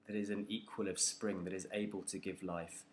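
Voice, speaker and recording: A man's voice: low voice, level tone, moderate pace, a little hiss or hum. A man teaching a poetry analysis lesson, talking it through unscripted and hesitant, with many ums and restarts.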